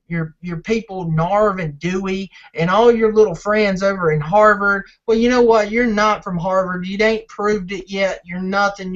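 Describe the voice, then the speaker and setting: A man's voice: sits high, fairly bright tone. Ranting man in a lo-fi wrestling promo. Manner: ranting, repetitive, insulting. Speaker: fan channel owner and host. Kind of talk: wrestling trash-talk promo. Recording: dull lo-fi audio.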